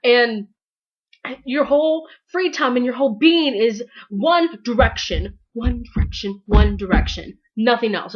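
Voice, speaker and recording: Rambling high-voiced woman, muffled recording. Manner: rambling and gushing, acts out her own thoughts. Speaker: vlogger. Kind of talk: casual monologue to camera.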